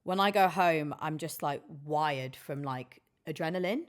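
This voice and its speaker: A woman's voice: deep voice, a little slow. A woman, a DJ chatting candidly and emotionally on a podcast, swearing freely. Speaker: DJ and guest. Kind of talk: casual podcast chat.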